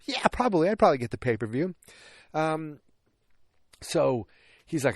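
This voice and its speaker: A man's voice: fairly high pitch, big pitch swings, normal speed, no echo, clean studio sound. A man hosting a casual movie podcast, rambling through the plot with joking asides and frequent self-corrections. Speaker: podcast host.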